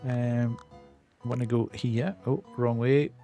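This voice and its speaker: A man's voice: mid-range voice, fairly even intonation, slow pace, music in the background. A man chatting casually as he streams a game, muttering to himself as he plays.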